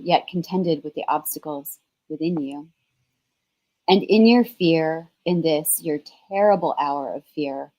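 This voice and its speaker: A woman reading aloud the words of a mythical male creature who acts as a solemn spiritual mentor, in slow, earnest questions. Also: lowish voice, a little mellow, close to an everyday voice, low-quality recording. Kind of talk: reading a novel passage aloud.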